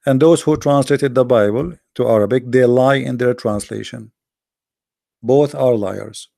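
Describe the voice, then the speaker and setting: Guy hosting a stream, blunt and scornful, gravelly voice, dry close mic. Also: medium pitch, a little slow, warm tone, dry recording. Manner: blunt, scornful, repeats himself. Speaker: livestream host. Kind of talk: combative religious talk.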